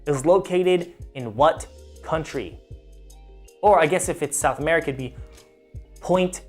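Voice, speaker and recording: A man's voice: high-pitched, big pitch swings, a little fast, darkish tone, faint music behind. A man hosting a live trivia game stream, chatty and self-mocking, stumbling over place names as he reads the questions.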